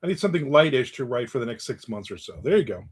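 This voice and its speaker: A man's voice: mid-range voice, sing-song, quick pace, slightly rough. A middle-aged man hosting his own casual live show, chatting, telling everyday stories and joking with viewers. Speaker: host of a live video show. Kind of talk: casual chat reading viewer comments.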